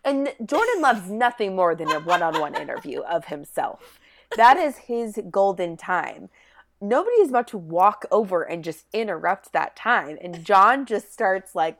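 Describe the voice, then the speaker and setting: A woman's voice: medium pitch, very animated, moderate pace. A young woman co-hosting a casual recap chat, sarcastic and swearing freely as she acts out what others said. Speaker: podcast co-host.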